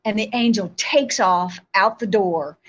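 A woman, a guest on a show, telling a spiritual testimony in an animated storytelling way, acting out her own replies. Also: mid-range voice, unhurried, highs cut off.

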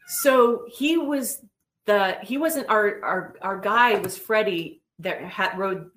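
A woman's voice: mid-range voice, slow. Earnest woman telling a story, roomy sound. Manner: earnest, animated storyteller acting out quotes. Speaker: interview guest. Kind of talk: casual interview storytelling. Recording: roomy echo.

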